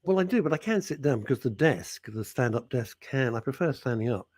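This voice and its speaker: A man's voice: medium pitch, animated, darkish tone, dry recording. A middle-aged British man hosting a radio show, bantering and making jokey asides. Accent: British English. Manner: jokey, teasing, quick asides. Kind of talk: casual banter on air.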